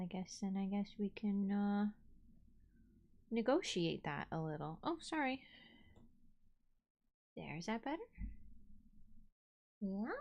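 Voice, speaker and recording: A woman's voice: medium pitch, highs cut off. Woman streamer cooing over her cat. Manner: coos and baby-talks to her cat, drifting between soft and bright. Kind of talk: casual livestream chat.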